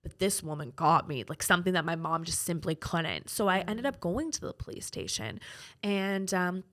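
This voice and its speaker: A woman's voice: on the low side, lively intonation, normal speed, fairly bright tone. A woman from Canada, a guest on a talk show, telling her personal story frankly and conversationally, with lots of fillers. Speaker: guest, trafficking survivor and peer advocate.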